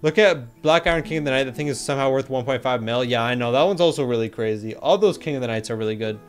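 A man's voice: mid-range voice, fast talker, faint music behind. A young man casually chatting on a livestream, joking, using slang and reading chat messages aloud.

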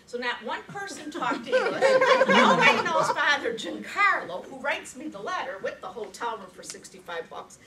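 A woman's voice: sits high, background noise. A woman from Chicago in her sixties telling a funny story as a contest speech, acting out voices and laughing often. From Chicago, USA. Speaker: contest speaker. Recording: echoey hall from far off.

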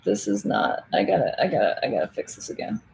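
A woman's voice: extremely low pitch, big pitch swings, fast, gravelly, a little mellow, slight background noise. A young adult woman hosting a casual livestream, chatting with viewers, laughing often and counting cards aloud as she works. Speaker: livestream host.

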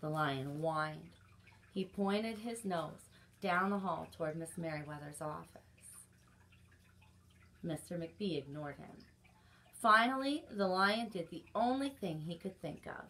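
A woman librarian reading a picture book aloud at children's story time, expressive, with little asides to the kids. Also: on the low side, unhurried.

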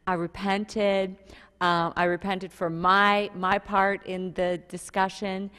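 A woman pastor preaching a sermon, telling stories with lively jumps in her voice and quoting scripture. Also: takes it slowly, clean tone, long reverb tail. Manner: animated storytelling preacher with sudden pitch jumps and laughs. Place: church sanctuary.

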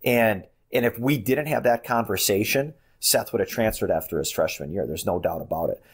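Husky-voiced man telling coaching stories. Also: fairly low pitch, moderate pace. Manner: animated storytelling, many restarts. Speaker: college basketball head coach, guest. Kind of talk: podcast interview.

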